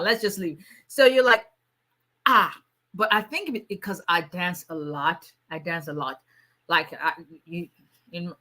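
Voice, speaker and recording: A woman's voice: on the low side, bright, forceful tone. A tired woman, an immigration lawyer chatting casually on a livestream, greeting viewers by name and laughing often.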